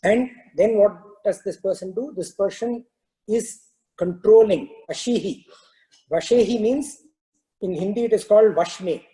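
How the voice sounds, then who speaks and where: Guy explaining scripture and telling a story, lots of "you know", very mellow dark voice. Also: high-pitched, a little slow, rough recording. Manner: explains terms, loose storytelling with many fillers. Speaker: spiritual teacher. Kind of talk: scripture talk with a parable.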